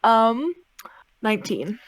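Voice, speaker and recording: A woman playing a tabletop game, talking haltingly with hesitations and small laughs. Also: on the high side, big pitch swings, dry recording, rough recording. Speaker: player. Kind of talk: tabletop role-play.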